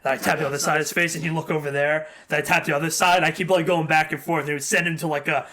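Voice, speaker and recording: A young man co-hosting a podcast in casual chat, telling animated stories and breaking into sudden shouted impressions. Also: on the high side, very fast. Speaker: podcast co-host.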